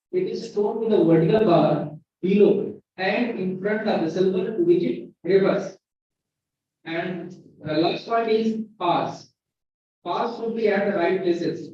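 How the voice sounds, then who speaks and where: High-voiced Indian man lecturing in echoey hall. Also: darkish tone, slight background noise. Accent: Indian English. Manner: slow, spells and repeats words for emphasis. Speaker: university lecturer. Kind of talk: classroom lecture. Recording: very echoey, distant, dull lo-fi sound.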